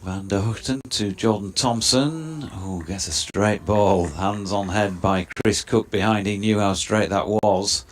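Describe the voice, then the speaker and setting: A man giving measured ball-by-ball cricket commentary, describing each delivery in detail. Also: on the low side.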